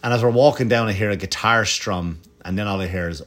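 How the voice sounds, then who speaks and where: A middle-aged Irish man, a comedian, telling profane, animated anecdotes at home with lots of asides. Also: lowish voice, fast, few pauses. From Ireland. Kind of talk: casual storytelling. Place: home, dog nearby.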